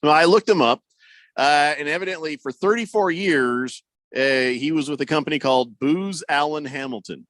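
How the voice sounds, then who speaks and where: A man's voice: on the high side, normal speed, fairly bright tone, dry recording, clean studio sound. A man hosting a sports radio show, bantering in a joking, mock-serious way. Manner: joking, mock-serious, puts on silly accents. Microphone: studio microphone.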